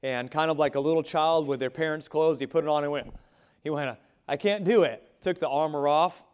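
Man preaching a lively sermon. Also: a little high, fairly quick, smooth. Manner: preaching with swings between soft asides and raised exclamations. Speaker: pastor.

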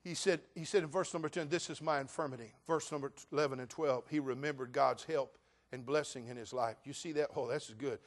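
A male pastor preaching a sermon, swinging from loud rants to quiet asides. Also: medium pitch, fairly even intonation, brisk. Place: church.

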